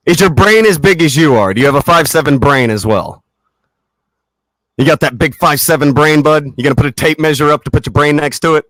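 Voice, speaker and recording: A man's voice: on the high side, lively intonation, fairly quick, a bit bright, no echo. Sarcastic, taunting male streamer. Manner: mocking, sarcastic taunting with laughs. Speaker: livestream host. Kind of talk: profane livestream rant.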